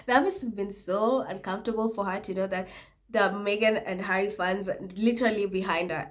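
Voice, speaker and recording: A young adult woman with a cold hosts a casual vlog, reading viewer comments aloud, laughing often and tossing in mocking asides. Her medium-pitched voice moves at a brisk clip.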